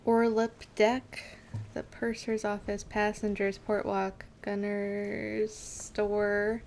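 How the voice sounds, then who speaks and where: A woman's voice: medium pitch, completely flat delivery, slow, darkish tone, a little hiss or hum. A woman streaming a game live, reading out in-game text and telling rambling stories full of fillers. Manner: rambling, filler-heavy storytelling. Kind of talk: casual live game commentary.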